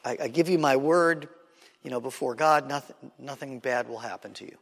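A man's voice: medium pitch, normal speed, vocal fry. A man voicing a desperate king in disguise who pleads and stammers. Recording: long reverb of a hall.

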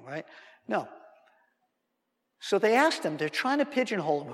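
A man's voice: sits high, big pitch swings, moderate pace, long pauses. A male preacher teaching verse by verse through a Bible passage, acting out the dialogue and adding humorous asides. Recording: long reverb in a hall.

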